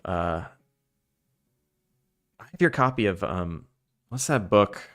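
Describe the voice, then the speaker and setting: A man's voice: sits low, lively intonation, slow, a bit bright. A man from Long Island with a Long Island accent, streaming a game and chatting casually with his viewers in a rambling, chuckling way. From Long Island, New York. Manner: chatty, rambling, chuckles while talking to chat. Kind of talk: casual chat while gaming.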